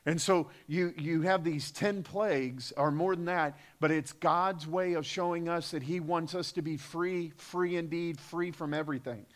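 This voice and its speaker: A man's voice: fairly high pitch, fairly even intonation, unhurried, few pauses. A man preaching a sermon as pastor, emphatic, with rhetorical questions and repetition. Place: church sanctuary.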